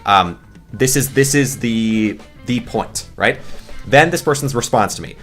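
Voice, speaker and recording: A man's voice: mid-range voice, measured pace, fairly bright tone, faint music behind. A man creating gaming videos, ranting off the cuff in a rambling, exasperated way, full of restarts and fillers. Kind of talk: off-the-cuff commentary rant.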